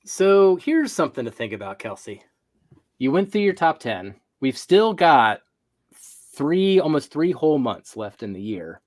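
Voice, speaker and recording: A man's voice: on the high side, sing-song, a little slow, darkish tone. A man hosting a casual live chat, asking questions and musing aloud. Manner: conversational, asks guests questions. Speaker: host.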